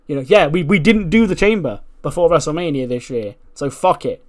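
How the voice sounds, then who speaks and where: A man's voice: a little high, lively intonation, fairly quick, few pauses. A man narrating and commenting on a wrestling simulation game in a loose, rambling way, swearing freely. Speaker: gaming video creator.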